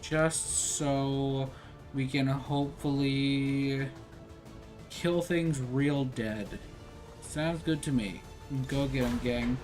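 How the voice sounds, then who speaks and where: Casual male streamer, unhurried delivery, rambling and self-deprecating, faint game music behind. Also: mid-range voice, fairly even intonation. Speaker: gaming streamer. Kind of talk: casual let's-play commentary.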